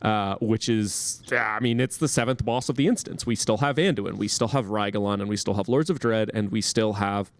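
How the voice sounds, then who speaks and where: A man's voice: fairly low pitch, moderate pace, hardly any pauses, no room sound. Rambling analytical male podcast co-host. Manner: rambling, many restarts and fillers. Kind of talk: casual gaming chat.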